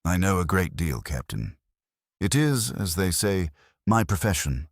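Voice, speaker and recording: A man voicing a cool, guarded middle-aged spy with a faint German accent, measured and cryptic. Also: sits low, big pitch swings, no room sound, clean studio sound, exaggerated voice.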